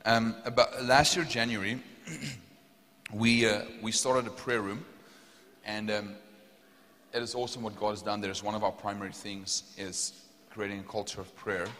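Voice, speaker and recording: A man's voice: on the low side, fairly bright tone. A young man with a South African accent preaching a sermon, telling a story and rising to fervent emphasis. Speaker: pastor. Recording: long hall reverb.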